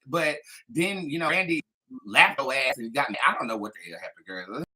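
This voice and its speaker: A woman's voice: a bass voice, lively intonation, normal speed, sharp tone. A woman hosting a live tarot stream, chatting in a sassy, gossipy way between readings. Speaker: tarot reader and livestream host. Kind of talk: casual livestream chat and tarot reading.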